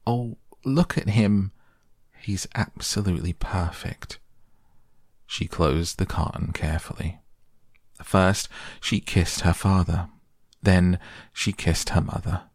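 Deep gravelly male sleep-story narrator. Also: a little mellow, no room sound, clean studio sound. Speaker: audiobook narrator. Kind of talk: calm bedtime audiobook reading.

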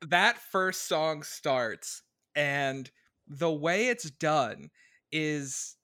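A man's voice: a little high, expressive, extremely slow, pushed and bright, no room sound, clean studio sound. A man co-hosting a casual chat, laughing often and rambling through his stories. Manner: laughs a lot, rambling with restarts and fillers. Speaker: podcast co-host.

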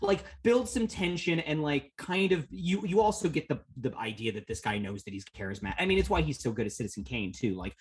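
A man's voice: fairly high pitch, lively intonation, brisk, few pauses, slightly rough. A man co-hosting a podcast, talking through a film in a rambling, jokey way and swearing often. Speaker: podcast co-host. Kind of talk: casual film discussion.

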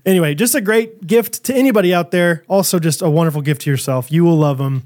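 A man's voice: fairly high pitch, fast, darkish tone. Enthusiastic, teasing male co-host. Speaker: podcast co-host. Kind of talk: casual chat.

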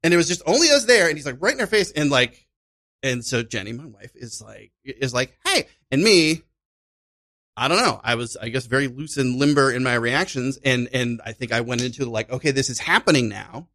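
Animated man telling a story. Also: medium pitch, brisk. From Chicago. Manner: animated storyteller, acts out voices and sounds. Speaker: podcast guest, improviser. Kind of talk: casual storytelling chat.

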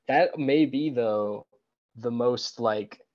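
A man's voice: medium pitch, slow pace, muffled recording, a crowd in the background. A man co-hosting a podcast in casual chat, joking and teasing his co-host.

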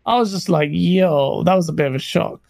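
A man with a London accent and a gravelly, fry-edged voice co-hosts a casual stream. He talks eagerly and repeats himself, and the sound is dry and close. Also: on the high side, brisk, a little mellow, no room sound. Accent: London English. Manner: enthusiastic, laughs often, repeats himself. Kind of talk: casual live-stream chat.

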